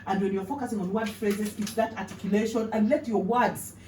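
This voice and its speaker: A woman's voice: mid-range voice, fairly even intonation, fairly quick, darkish tone, recorded from a distance, slight background noise. Vocal coach woman in an echoey room. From Kenya. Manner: explains patiently, sings solfege examples. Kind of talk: voice lesson. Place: indoor room.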